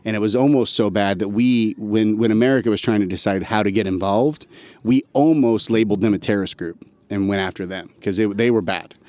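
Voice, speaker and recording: A man's voice: on the low side, a little fast, darkish tone, no room sound. A man, an army veteran guest on a podcast, telling a long story in a loose, slangy, conversational way. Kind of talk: casual storytelling chat.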